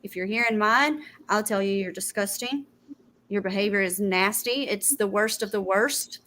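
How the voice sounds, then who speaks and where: A woman's voice: medium pitch, normal speed, pushed and bright, a little hiss or hum. A woman hosting a casual panel livestream over a video call, talking bluntly and emphatically. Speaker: livestream host.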